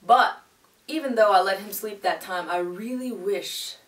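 A young woman from Georgia with a Southern American accent, vlogging to the camera at home in a chatty, animated way. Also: medium pitch, a little slow. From Georgia, USA. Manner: animated and chatty, talking straight to the viewer. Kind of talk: casual vlog chat. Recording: roomy, mic at a distance, music behind.

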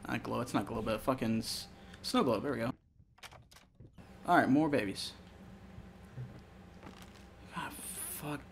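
A man's voice: mid-range voice, unhurried, vocal fry, pauses often, a little hiss or hum. A young man giving casual commentary on a horror game as he plays, swearing a lot and easily startled into yelps. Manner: swearing, jumpy and excitable, yelps when startled. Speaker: let's play gamer.

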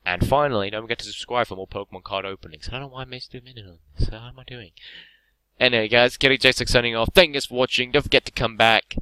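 A man's voice: mid-range voice, fairly even intonation, quick pace, bright, forceful tone, clear, resonant tone, no room sound. A young man with an English accent, opening card packs on camera in hyperactive, sweary casual commentary. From England. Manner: hyperactive, swearing, laughing often.

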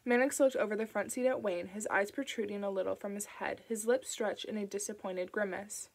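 A woman narrating an audiobook in a calm, even storytelling manner. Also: mid-range voice, brisk, vocal fry, few pauses, poor audio. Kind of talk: audiobook reading.

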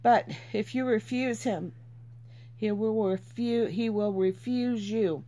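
A woman's voice: a little high, takes it slowly, dark tone. A woman reading Bible verses aloud and teaching from them in an earnest, informal way, repeating herself for emphasis.

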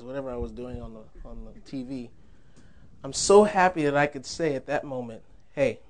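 A man's voice: mid-range voice, a little hiss or hum. A young man giving a sermon in a church, conversational and humorous, laughing often. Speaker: preacher.

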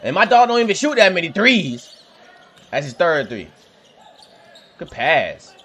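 A young man hosting a reaction video, talking in an excitable, slangy way and laughing often. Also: fairly high pitch, unhurried, breathy edge. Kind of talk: casual reaction commentary.

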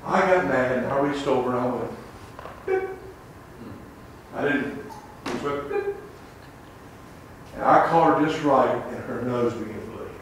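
A man preaching a revival sermon as an evangelist, swinging between shouted lines and hushed asides. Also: medium pitch, brisk, distant mic. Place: church sanctuary. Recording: echoey church sanctuary with faint room noise.

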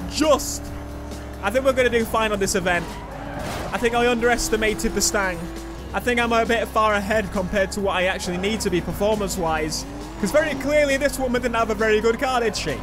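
Male gaming YouTuber, high-pitched, excitable racing commentary over game music. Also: a little fast. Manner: excitable, shouts and laughs at the race. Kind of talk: let's play commentary. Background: game music and engine sounds.

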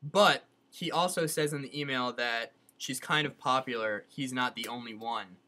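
An advice show co-host with a rumbling low, sharp-toned voice talks at a normal speed. In this casual advice chat she is chatty and earnest, leaning on "like" a lot.

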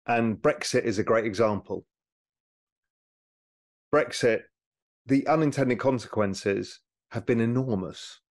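This is a British man talking as a guest in a relaxed interview, with a mid-range voice. He explains his points with animated emphasis and slips into quick impressions of other people. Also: medium pitch. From Britain. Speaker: guest, former hedge fund manager. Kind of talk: conversational interview.

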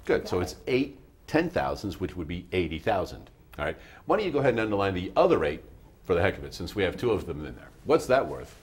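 A low, husky male voice belongs to a math show host speaking in a TV studio. He teaches patiently, walking a young student through each step. He keeps checking in with an easy "all right?". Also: very animated, fast. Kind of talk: friendly classroom-style teaching.

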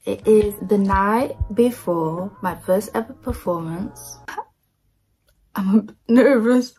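A woman's voice: medium pitch, animated, drawn-out words, pauses often, darkish tone, soft background music. A young woman chatting to her phone camera in a casual vlog, bubbly and giggly. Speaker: singer vlogging her first gig.

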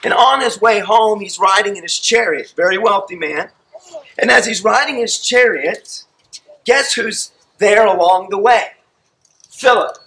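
A male pastor telling a Bible story in a sermon, acting out the scenes with animated storytelling, out of breath. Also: high-pitched, measured pace, rough recording.

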